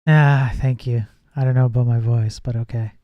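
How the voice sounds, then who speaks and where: A man's voice: medium pitch, fairly even intonation, moderate pace, dry recording, muffled recording. A man live-streaming while he codes, thinking aloud and chatting with viewers, with frequent restarts. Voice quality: says his voice gets nasal when projecting. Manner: thinks aloud, reads chat, trails off and restarts. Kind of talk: casual live-stream chat while coding.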